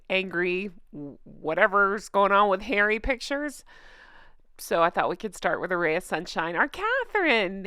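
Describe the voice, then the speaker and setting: A woman's voice: medium pitch, bright, forceful tone, clean tone, no echo, studio quality. A woman hosting her own channel, chatting in a snarky, gossipy way and laughing often. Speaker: commentary channel host. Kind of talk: casual gossip commentary.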